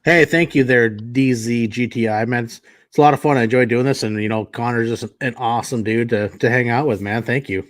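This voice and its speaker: A man's voice: medium pitch, fairly even intonation, fairly quick, few pauses. A man in his forties hosting a casual podcast chat, laid-back and swearing now and then as he tells stories. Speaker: podcast host.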